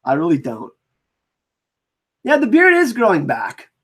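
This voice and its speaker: A man hosting a casual livestream, chatting with viewers and reading out their comments and shout-outs. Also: high-pitched, wildly swooping pitch, measured pace, breathy edge. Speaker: livestream host. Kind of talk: casual live-stream chat.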